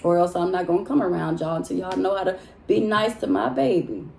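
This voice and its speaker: A woman chats casually to her vlog viewers in a low, mellow voice. She is animated and talkative and laughs easily. Her voice carries a roomy echo from the room at home where she records. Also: fairly quick, creaky, slight background noise. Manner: chatty and animated, laughs often, addresses viewers as y'all. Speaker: vlogger.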